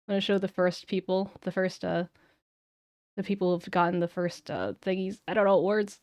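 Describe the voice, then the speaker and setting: A woman's voice: on the low side, moderate pace, a little mellow, no echo, studio quality. A woman streamer in casual chat who rambles and gropes for words, with many likes and ums.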